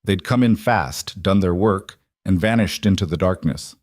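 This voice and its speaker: A man's voice: low voice, moderate pace, darkish tone, no echo, studio quality. A man reading a scripted western story as narrator, telling it steadily.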